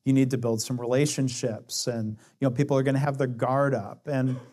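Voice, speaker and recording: A man's voice: medium pitch, little pitch movement, brisk, darkish tone. A man giving a conversational talk on coaching, acting out quoted dialogue as he explains. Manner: explains with acted-out dialogue quotes, shifting pace. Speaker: speaker on coaching and lean management.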